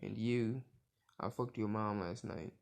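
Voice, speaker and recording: A man voicing a brash, foul-mouthed young hero boy in a casual retelling, with a gravelly voice and crude trash talk. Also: lowish voice, unhurried. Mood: defiant.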